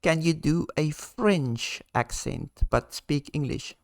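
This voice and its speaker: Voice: mid-range voice, takes it slowly, creaky, no room sound, clean studio sound. A channel host relaying viewer questions in casual, hesitant chat. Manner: hesitant, with restarts.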